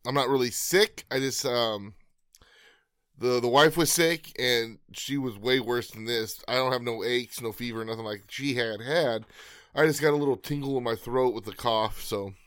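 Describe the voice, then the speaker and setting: A man's voice: mid-range voice, moderate pace, a bit bright, clean tone, dry recording, clean studio sound. A man co-hosting a casual podcast, easygoing and wry, with a slight cough. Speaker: podcast co-host.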